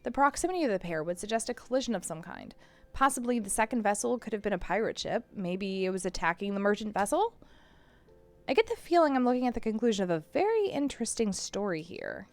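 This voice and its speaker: A woman streamer reading a first-person story game aloud with expressive storytelling. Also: medium pitch, fast, no room sound, faint music behind.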